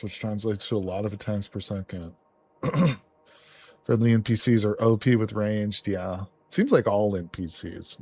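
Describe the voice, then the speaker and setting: A man streaming a survival game live, reacting excitedly with swearing and laughter as he plays. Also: lowish voice, breathy edge. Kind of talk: live gameplay commentary.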